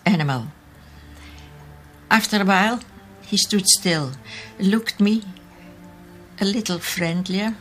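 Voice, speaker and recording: Slow, halting older woman. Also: mid-range voice, a bit bright, faint music behind. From Austria. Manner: halting, searching for English words. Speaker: interviewee, eyewitness. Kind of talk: recalled testimony in an archive interview.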